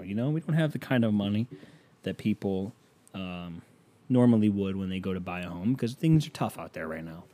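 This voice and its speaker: American guy ranting on his podcast, mellow voice, loud bursts then mumbling, lots of cussing. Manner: exasperated, swearing, rhetorical questions; swings from loud outbursts to low mutters. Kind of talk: casual comedic rant.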